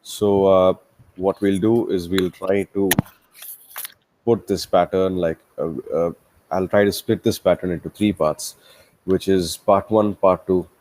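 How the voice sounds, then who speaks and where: A man's voice: deep voice, fairly even intonation, a little slow, a little mellow. A man teaching a one-to-one guitar lesson, patiently explaining a strumming pattern step by step and counting beats aloud. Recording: guitar playing throughout. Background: acoustic guitar playing.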